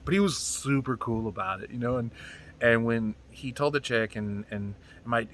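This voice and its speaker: A man's voice: mid-range voice, normal speed, a little hiss or hum. A man in his forties telling a rambling, profane personal story in a casual monologue. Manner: rambling, profane, animated retelling. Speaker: comedian telling stories.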